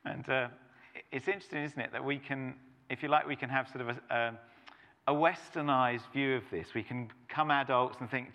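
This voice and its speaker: A man's voice: medium pitch, moderate pace. A middle-aged man, preaching a sermon as a pastor, telling stories with playful asides. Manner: animated storytelling with playful asides. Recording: long reverb of a church hall.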